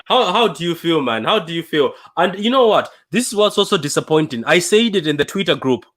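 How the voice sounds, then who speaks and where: A young man hosting a fan livestream after a painful defeat, talking in a dejected, halting way with many repeats and restarts. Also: on the high side, animated, a bit bright. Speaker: fan channel livestream host. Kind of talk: emotional post-match fan livestream.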